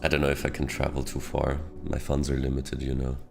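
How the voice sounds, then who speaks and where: A man's voice: very deep voice, completely flat delivery, brisk, gravelly. A man from Switzerland with a Swiss accent, casually commenting on a game he is playing and thinking aloud in a self-mocking way. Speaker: game streamer. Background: game music.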